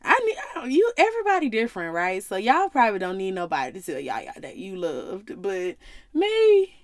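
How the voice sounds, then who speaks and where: A woman's voice: medium pitch, sing-song, fast talker, no echo. Chatty woman podcaster, dry sound. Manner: conversational, drifts into voicing God and others. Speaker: podcast host. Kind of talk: casual faith talk.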